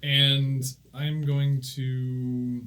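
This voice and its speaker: A man's voice: mid-range voice, little pitch movement, extremely slow, a bit bright. A man playing a tabletop game, hesitant and often laughing. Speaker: player. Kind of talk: casual tabletop play.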